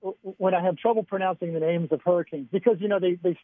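A man calling in to give a weather forecast on the radio, with a relaxed, chatty delivery and frequent chuckles. His voice sits a little high, and it comes through a thin, phone-like line with no room sound at all. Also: fast talker, no room sound. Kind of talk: casual radio weather chat.

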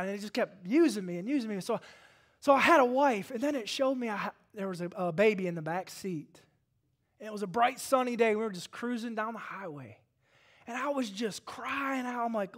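A man preaches from the pulpit. His voice sits high for a man, and he swings between hushed, intimate passages and loud, fervent bursts. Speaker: pastor. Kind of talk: sermon.

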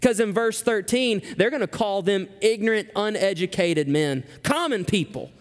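A male pastor preaching a sermon emphatically, climbing high when he reads scripture aloud. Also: animated, moderate pace, long reverb tail.

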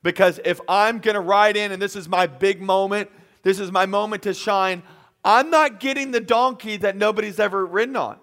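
A man's voice: high voice, normal speed, a bit bright. A man preaching a sermon from an empty auditorium, with emphatic, repeated lines and quotes he acts out. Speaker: pastor.

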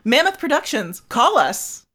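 A woman's voice: high voice, big pitch swings, unhurried, pushed and bright. A woman hosting a podcast in bubbly, casual chat full of fillers. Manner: bubbly, lots of "like" and "um". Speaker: podcast host.

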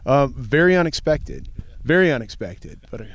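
A man's voice: medium pitch, animated, normal speed, creaky. A man from Arkansas being interviewed outdoors in the wilderness, talking in a friendly and slightly hesitant way that repeats words as he goes. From Arkansas, United States. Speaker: podcast listener, guest. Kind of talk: casual interview.

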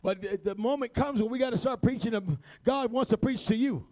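High-pitched preacher, shouting refrains. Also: male voice, fairly quick. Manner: builds to shouted, rhythmic preaching with repeated refrains; peppers lines with "amen" and "uh". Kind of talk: sermon.

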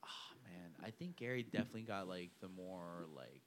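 A man's voice: sits low, expressive, a little fast, a little hiss or hum. A man co-hosting a podcast, chatting in a laid-back way with many fillers. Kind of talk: casual chat.

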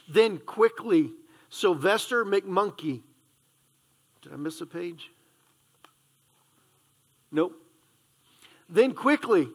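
Slow, high-voiced pastor reading a storybook. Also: male voice, husky. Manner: reads slowly and playfully, stumbling and correcting himself, adding asides. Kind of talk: reading a children's storybook aloud in church.

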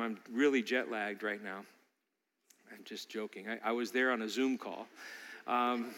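A man's voice: mid-range voice, bright, forceful tone, big-room sound. A male pastor preaching a sermon, emphatic and fond of repeating key lines for emphasis.

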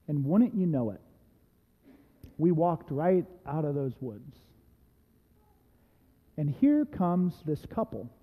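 A male pastor preaching a sermon, telling a personal story in a lively, conversational way with casual asides. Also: fairly high pitch, slow, pauses often, breathy edge, big-room sound, phone-quality sound. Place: church sanctuary.

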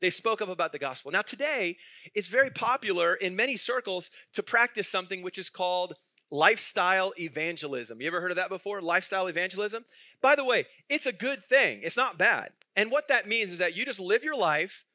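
A man's voice: sits high, lively intonation, a little fast, pushed and bright, no echo, clean studio sound. A male pastor preaching a sermon in a conversational way, asking the congregation questions and chuckling through his stories.

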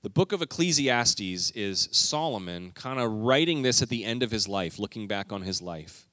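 A middle-aged man delivers a sermon in a church, moving between homey family anecdotes and scripture. He acts out quotes with animated shifts in voice. The sound is dry, with little room echo. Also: lowish voice, normal speed. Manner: storytelling, animated, acting out quotes. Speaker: pastor.

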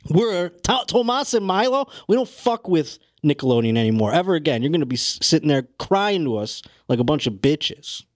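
A man's voice: very high voice, expressive, vocal fry, smooth, voice pushed up, exaggerated voice. A man voicing a brash, hot-tempered Italian-style tough guy who swears and rants. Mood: furious. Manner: swearing, shouting, drawn-out ranting.

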